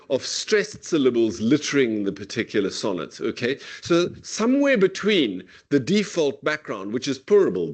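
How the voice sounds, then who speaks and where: Man lecturing with frequent "okay?" tags. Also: mid-range voice. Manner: dramatic slow recitation of verse. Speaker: literature lecturer. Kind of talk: university lecture. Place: classroom.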